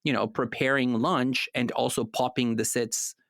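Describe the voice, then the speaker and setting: A male co-host of a casual philosophy podcast explains ideas at length and laughs easily. He has a mid-range, steady, fairly bright voice at normal speed, recorded with studio quality and no room sound.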